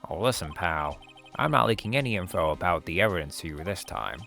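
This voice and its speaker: A man reading game dialogue aloud, voicing a bumbling, good-natured male police detective in a gruff, blustery way. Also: low-pitched, expressive, fairly quick, pushed and bright, soft background music, heavily acted. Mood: sheepish.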